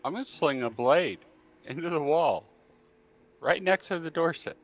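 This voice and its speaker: A man playing in a tabletop game, talking slowly and hesitantly, with restarts. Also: a little high, expressive, highs cut off. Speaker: player.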